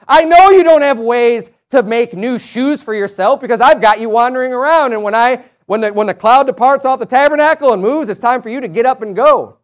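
A man preaching a sermon, reading scripture aloud and rising to emphatic, raised passages. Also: very high-pitched.

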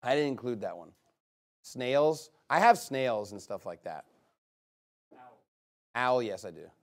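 A man leading a guessing game with a live group, reading out a long list in a chatty, upbeat way with quick asides. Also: mid-range voice.

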